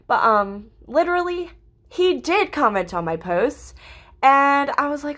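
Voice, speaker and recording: A young woman talking straight to her viewers in a loose, rambling storytime. Her voice sits a little high, and her talk is full of "like" and "literally", with free swearing and sudden excited squeals. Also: a little slow. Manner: chatty, swears a lot, frequent "like, literally", bursts of excited squealing. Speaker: vlogger. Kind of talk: casual storytime.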